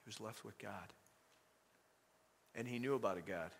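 A man preaching a sermon in an animated, conversational way, full of rhetorical questions to the congregation. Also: on the low side, normal speed, gravelly.

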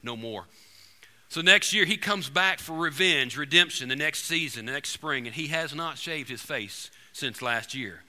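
A man preaching to a congregation, telling an animated, joking hunting story to the room. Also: fairly high pitch, normal speed. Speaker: pastor. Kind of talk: storytelling sermon. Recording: long reverb in a large hall.

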